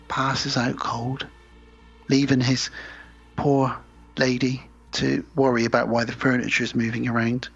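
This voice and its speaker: Gravelly man recapping a film. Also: medium pitch, fairly even intonation, moderate pace, fairly bright tone. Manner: rambling plot retelling with mocking voices. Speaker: podcast co-host. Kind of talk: casual film recap chat. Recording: dull lo-fi sound.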